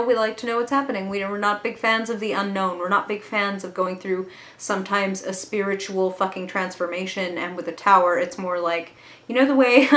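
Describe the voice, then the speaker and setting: A woman at a mid-range pitch talks her way through a tarot reading in a chatty, earnest tone and swears casually now and then. Her voice rings around an echoey room. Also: a bit bright. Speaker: tarot reader.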